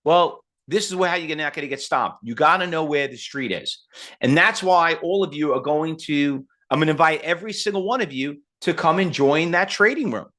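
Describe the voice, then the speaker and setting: A man in his fifties teaching trading in a live online seminar, blunt and full of rhetorical questions, pitching to his audience. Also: normal speed, bright, forceful tone. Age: 50s. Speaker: trading instructor.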